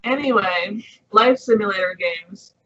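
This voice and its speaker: A man co-hosting a podcast, steering the chat back on topic in a measured, matter-of-fact way. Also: sits high, crowd noise. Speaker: podcast co-host. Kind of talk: casual chat. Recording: dull lo-fi sound.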